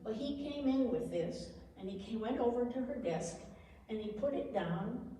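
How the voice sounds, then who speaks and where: Older woman, storytelling, dark mellow voice, distant mic, roomy echo. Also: fairly high pitch, normal speed, slight background noise. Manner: animated, acts out dialogue. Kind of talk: personal life story. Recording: echoey room from far off.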